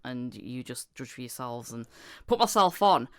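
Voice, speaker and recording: Giggly, lively woman host. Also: extremely low pitch, normal speed, dry recording, studio quality. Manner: animated storyteller, giggly, acts out quotes. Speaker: podcast host. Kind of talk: casual podcast chat.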